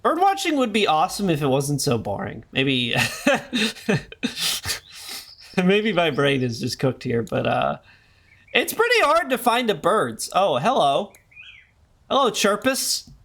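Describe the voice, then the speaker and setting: A man's voice: fairly high pitch, huge pitch swings, normal speed, gravelly, a bit bright. A young man streaming a horror game live, joking and rambling as he reads the game's text aloud. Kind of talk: live gameplay commentary.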